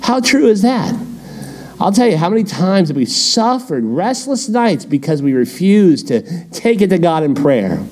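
A man's voice: sits high, moderate pace. A middle-aged man teaching a midweek Bible study as pastor, in a conversational, storytelling way. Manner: conversational, animated storytelling with laughs.

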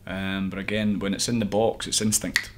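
A man's voice: low-pitched, level tone, moderate pace, noisy background. A man, an assistant football coach, giving earnest interview answers and thinking aloud with frequent restarts.

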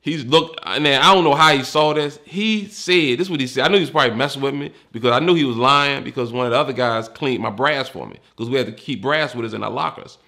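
Speaking quick and sharp with few pauses, a gravelly man from Washington, DC recounts his years as a homicide detective, now retired. His pitch is medium. The storytelling is casual, candid and profane, and he acts out the people he quotes.

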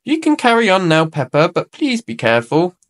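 A brisk, caring fox nurse with a high, lifted voice, put on by a man reading a storybook. She checks on the children with a lively, sing-song lilt. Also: exaggerated voice.

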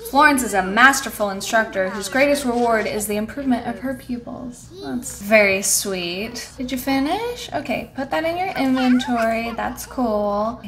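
Slow-talking woman chatting over gameplay. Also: a little high, a bit bright. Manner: chatty, coaxes and scolds her game characters, laughs often. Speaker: let's play host. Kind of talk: casual gameplay commentary.

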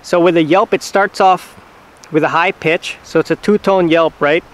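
Smooth-voiced man giving patient how-to tips. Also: a little high. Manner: relaxed, patient, talks in short halting phrases with fillers. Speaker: hunting channel host teaching turkey calls. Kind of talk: casual how-to instruction.

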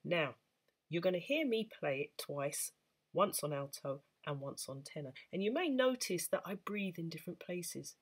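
A woman's voice: lowish voice, expressive, normal speed, slightly rough. A woman teaching beginners the saxophone, patient and encouraging as she explains step by step. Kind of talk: instructional talk to camera.

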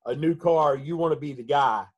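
A man's voice: a little high, normal speed, breathy edge, highs cut off. A man co-hosting a podcast, chiming in with wry jokes during a friend's story. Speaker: podcast co-host. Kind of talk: casual chat.

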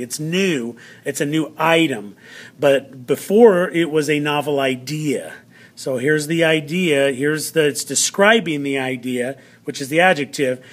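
A male teacher giving a vocabulary lesson to students, drawing out words slowly and checking in often. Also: fairly high pitch, fairly bright tone. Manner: slow, drawn-out word pronunciation with frequent "all right" check-ins.

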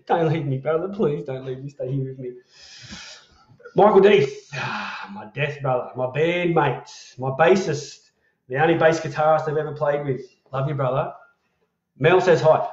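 Aussie bloke chatting on a livestream, matey and sweary, echoey room, kinda muffled. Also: male voice, fairly high pitch, normal speed, a little mellow. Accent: Australian. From Australia. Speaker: livestream host. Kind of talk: casual live chat reading viewer comments.

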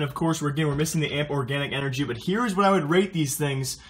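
A man's voice: a little high, fast talker, few pauses, husky. A young man vlogging casually to camera, upbeat and chatty, talking to his viewers as guys. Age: young adult. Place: at home, in a stairwell, at a gym.

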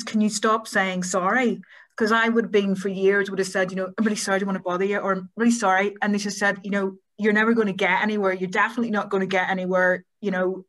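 Northern irish woman, journalist, earnest reflective talk, flat even pitch. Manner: earnest, self-deprecating. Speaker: panellist journalist.

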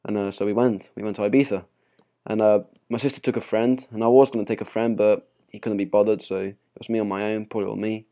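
A man's voice: fairly low pitch, steady tone, fast talker, warm tone. Chatty young Spanish-accented gamer man. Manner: rambling and chatty, with many fillers and small laughs. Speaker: gaming channel host. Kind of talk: casual gameplay commentary.

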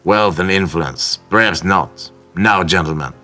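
A brisk, courteous official gets straight to business, voiced by a male reader. His low voice has a bright edge, and faint music sits underneath. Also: expressive.

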